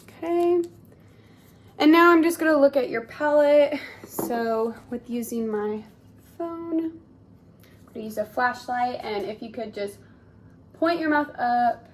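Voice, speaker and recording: A woman's voice: high-pitched, takes it slowly, long pauses, a little hiss or hum. A young woman giving a clinical exam, giving polite step-by-step instructions and often saying "awesome". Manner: polite, encouraging, repeats "awesome". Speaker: speech therapy student examiner.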